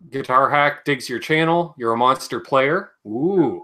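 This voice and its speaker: Bright-voiced male host. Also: fairly high pitch, slow. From Canada. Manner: chatty, jokey, reading viewer comments aloud. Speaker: livestream host. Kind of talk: casual chat.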